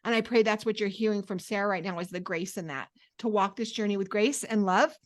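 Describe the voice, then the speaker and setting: A woman pastor hosting a faith podcast, talking in an earnest, encouraging way with lively acted asides. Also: medium pitch, fairly quick. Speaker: podcast host. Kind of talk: casual faith podcast chat.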